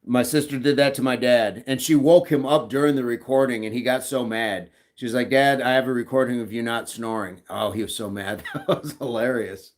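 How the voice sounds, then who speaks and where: A man's voice: medium pitch, fairly even intonation, a little fast, hardly any pauses. Man, middle-aged, livestream host, casual, jokey, laughs a lot. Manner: jokey, laughs often, reads chat messages aloud. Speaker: livestream host reading chat. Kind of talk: casual live chat.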